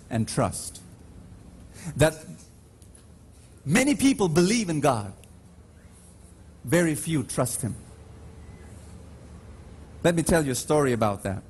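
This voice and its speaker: A man preaches at Mass in a large church, his fairly high voice sing-song and somewhat dark, with a faint hiss or hum. He's emphatic, calling out to the congregation in call-and-response, and draws his stories out slowly with dramatic rises.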